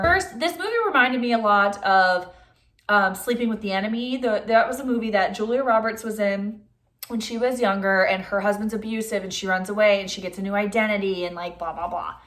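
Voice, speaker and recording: A young woman recaps a film plot in a loose, chatty vlog style. Her voice sits at an ordinary middle pitch, and "like" fills most of her sentences. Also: fairly bright tone. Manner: chatty, says "like" a lot; acts out characters' lines in quick voices. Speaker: movie reviewer.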